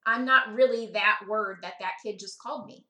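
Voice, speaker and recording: A woman hosting a podcast, teaching in a lively, conversational way and often checking in with her listeners. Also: mid-range voice, normal speed, reverberant. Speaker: podcast host.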